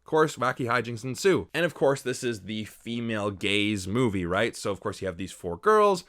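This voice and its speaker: A man in his late twenties giving an animated, opinionated movie review, often mimicking characters in mocking voices. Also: lowish voice, brisk. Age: 20s. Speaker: film critic.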